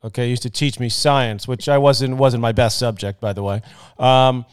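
A man's voice: mid-range voice, steady tone, moderate pace, clear, resonant tone. A man from New York hosting a podcast, telling stories and reminiscing in a casual interview. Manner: storytelling, reminiscing. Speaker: podcast host.

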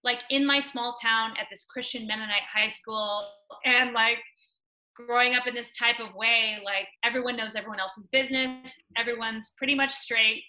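Give me a young woman with a very bright, slightly high voice, telling a personal story casually on a podcast. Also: fairly even intonation, normal speed, rough recording. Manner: chatty, many "like" fillers, acts out quotes loudly. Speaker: podcast guest.

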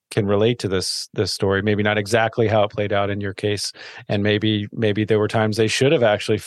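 A man hosting a podcast interview, supportive and quick with short acknowledgments. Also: on the low side, no room sound, clean studio sound. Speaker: podcast host.

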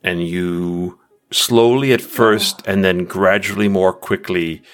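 A man's voice: low voice, fairly even intonation, takes it slowly. A man narrating a tabletop game as game master, describing scenes with frequent restarts.

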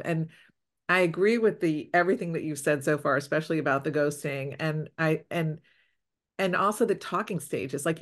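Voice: mid-range voice, fairly bright tone. Enthusiastic host who coaches daters. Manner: enthusiastic and encouraging, advising plainly. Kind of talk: casual interview talk.

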